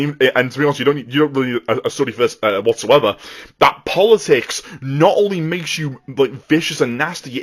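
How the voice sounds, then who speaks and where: A man ranting angrily, swearing a lot and tripping over repeated words. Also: a little high. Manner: heated, profane, stumbling repetitions. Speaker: vtuber ranting on politics. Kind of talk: angry political rant.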